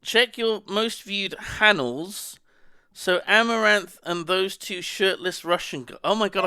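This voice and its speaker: A man's voice: sits high, bright, forceful tone, no room sound, studio quality. A man chatting casually on a live stream, rambling and muttering to himself as he browses.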